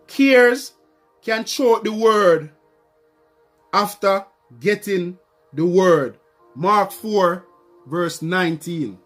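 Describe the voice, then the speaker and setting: A man with a notably high voice preaches a sermon. He leans on repeated phrases and calls out to the congregation for a response, while soft music plays faintly underneath. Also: very slow, pauses often.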